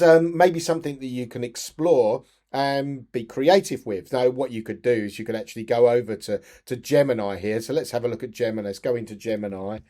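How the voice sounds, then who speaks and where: A man talking teachers through a software tutorial in a chatty, step-by-step way. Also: medium pitch. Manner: chatty, step-by-step, frequent restarts. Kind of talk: screen-share tutorial narration.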